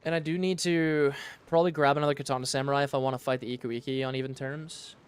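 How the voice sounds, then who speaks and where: A man streaming a strategy game, commenting casually and thinking aloud in a relaxed, matter-of-fact way on a studio microphone. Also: medium pitch, fast talker, clear, resonant tone. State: sleepy, yawning. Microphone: studio dynamic mic.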